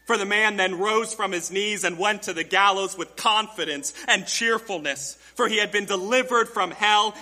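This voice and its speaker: A man's voice: high-pitched, pushed and bright, big-room sound. A man preaching a sermon to his congregation, emphatic, with rhetorical questions and direct address to the church. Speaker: pastor.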